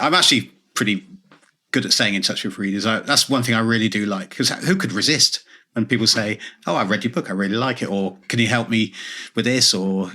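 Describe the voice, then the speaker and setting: A man's voice: lowish voice, bright, forceful tone. A man who is a guest author, chatting casually in a self-deprecating, joking manner. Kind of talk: casual interview chat.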